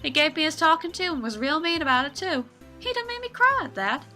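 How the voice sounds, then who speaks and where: A woman plays a brassy young photographer from a game who hollers in a folksy country drawl. The voice sits very high and bright, cutting and excitable. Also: fairly quick, faint music behind, exaggerated voice. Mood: brash.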